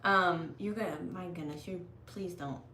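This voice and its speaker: A woman's voice: lowish voice, moderate pace, pushed and bright, roomy sound, slight background noise. A woman co-hosting a casual livestream at home, chatty and reading out viewer comments. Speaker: co-host.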